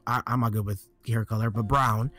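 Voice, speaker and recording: A man's voice: on the low side, fairly even intonation, fairly quick. Guy on a gaming podcast picking apart details, lots of restarts, rambly, faint music behind. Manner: rambling with many restarts, analytical. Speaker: podcast co-host. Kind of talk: casual gaming podcast chat.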